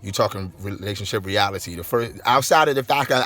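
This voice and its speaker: A middle-aged man, a pastor and author, chatting casually to his viewers on a phone inside a car, repeating his points and getting animated when riled. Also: on the low side, fairly quick, no echo. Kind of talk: casual vlog talk to viewers.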